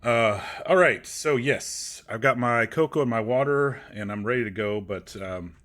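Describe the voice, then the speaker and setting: Bright-voiced man streaming casually. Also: medium pitch, moderate pace. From United States. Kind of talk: casual live-stream chat. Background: game soundtrack playing faintly.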